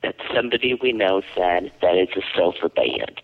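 Campy low-voiced man with lively swoops. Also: normal speed, narrow, tinny audio. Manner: campy, playful, bawdy. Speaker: podcast co-host. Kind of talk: raunchy comedy banter.

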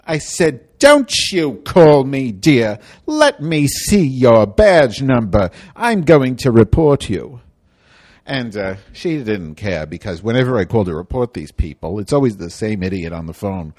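A man's voice: sits low, animated, moderate pace, few pauses, a little mellow. A man performing a comedic monologue as a cranky, indignant woman from Chicago, rambling and theatrical.

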